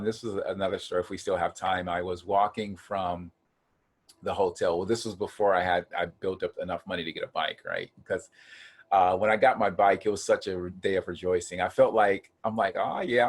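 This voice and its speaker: Man, low husky voice, earnest testimony, lively when quoting. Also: a little fast. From Ohio. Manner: earnest, animated when acting out quotes. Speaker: guest. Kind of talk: casual testimony chat.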